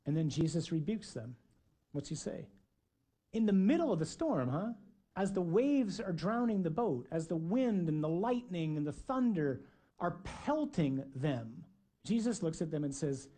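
Husky-voiced man preaching a sermon. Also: on the high side, lively intonation, moderate pace. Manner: dramatic, acts out shouted dialogue.

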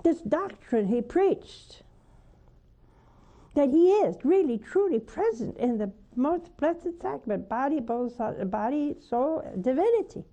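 Slow, mellow-voiced older nun preaching. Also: female voice, expressive. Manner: fervent, coaxing, rising to high emphatic peaks. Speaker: nun hosting a call-in show. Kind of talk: preaching and answering callers.

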